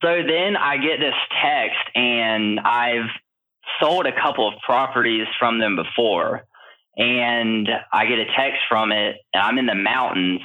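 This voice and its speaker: A male guest in an interview, telling his story in an animated way with many fillers. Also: mid-range voice. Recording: tinny phone-like line.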